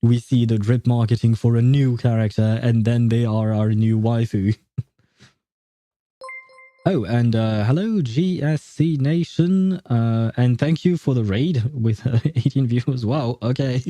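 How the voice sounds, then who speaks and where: A man greets his viewers in a casual live-stream chat, rambling and hesitant, with fillers and frequent chuckles. His voice is very dark and mellow at a middling pitch. It sounds dry and close on a desk mic. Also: steady tone, a little slow, no room sound. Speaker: game streamer.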